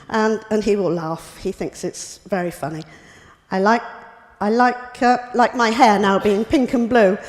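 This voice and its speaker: Brief: middle-aged woman reading a personal talk, mid-pitched, plain and steady, in a big echoing room. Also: normal speed. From United Kingdom. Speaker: carer giving a talk. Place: hospital lecture room. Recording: reverberant hall.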